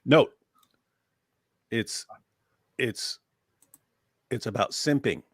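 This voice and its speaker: A man's voice: mid-range voice, very slow, slightly rough, no room sound. Guy joking and laughing on a livestream, medium voice, dry close mic. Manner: laughs often, quotes clips in a raised voice. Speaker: co-host. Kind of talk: casual livestream chat.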